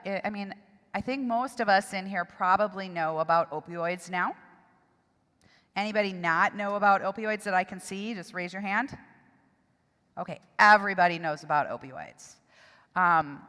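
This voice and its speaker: Woman, middle-aged, lowish voice, emotional halting testimony, long hall reverb. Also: fairly bright tone. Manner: emotional, halting, with pauses and restarts. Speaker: seminar speaker. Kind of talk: personal testimony talk. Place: church hall.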